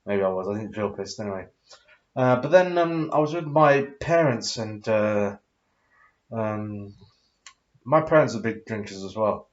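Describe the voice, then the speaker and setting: A man's voice: fairly low pitch, expressive, a little slow, muffled recording. A tipsy man in his thirties telling a rambling, sweary story full of fillers and hesitations. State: tipsy after drinking. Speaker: vlogger.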